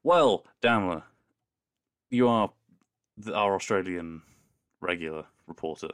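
A man with a low-pitched voice co-hosts a podcast, speaking unhurriedly in a dry recording with clean studio sound. In casual chat, he reads listener emails aloud, adding playful, wry asides and laughing often.

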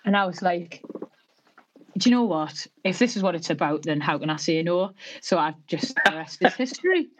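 A woman, a guest telling a lively story in a chat, swearing freely and acting out what people said. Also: on the low side, normal speed, a little hiss or hum, poor audio. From Newcastle, England. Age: 30s. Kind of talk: casual storytelling in a podcast chat.

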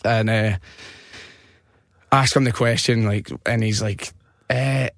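A man's voice: medium pitch, a little slow, gravelly, pauses often, no room sound. Scottish guy spinning a prank yarn, laughs a lot, dry studio sound. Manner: animated, laughs often, acts out voices in stories. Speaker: podcast host. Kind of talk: casual storytelling chat. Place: radio studio. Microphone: studio mic.

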